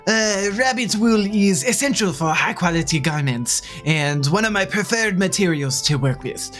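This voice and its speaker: A woman's voice: mid-range voice, lively intonation, normal speed, soft background music, close to an everyday voice. A woman voicing a fussy male tailor villager in a put-on, exaggerated French accent, reading his request aloud. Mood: prim. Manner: mock-formal, exaggerated.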